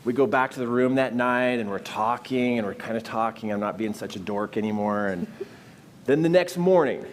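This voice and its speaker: A man telling a personal story with lively energy, acting out the voices of the people in it. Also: moderate pace, slight background noise. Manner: acts out voices in his anecdotes, jumping pitch and volume. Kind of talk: animated storytelling.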